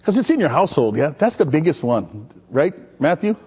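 Male pastor, high voice with big swings, chatty storytelling sermon. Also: a little fast, slightly rough. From Maui, Hawaii. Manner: energetic, chatty, storytelling with call-and-response. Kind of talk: animated sermon.

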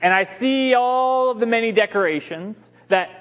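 A man's voice: very high-pitched, normal speed, a bit bright. A male pastor preaching a sermon in a conversational, emphatic storytelling way, recorded in a church sanctuary. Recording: long hall reverb.

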